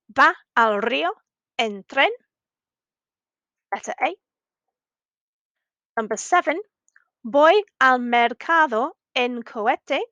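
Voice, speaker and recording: A woman teaching a recorded primary language lesson, speaking slowly and clearly and repeating each sentence for young learners. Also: high-pitched, bright, forceful tone, dry recording.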